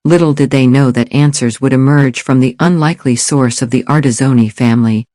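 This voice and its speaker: Studio quality with no room sound, the clip features a mid-range male voice. He is an audiobook narrator reading a thriller script, keeping his storytelling steady and measured.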